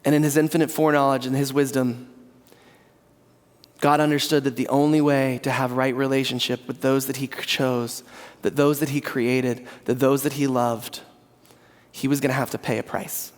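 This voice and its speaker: A man's voice: mid-range voice, level tone, normal speed, in a large hall. A man preaching a sermon as pastor, earnest and conversational with asides to the congregation. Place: church sanctuary.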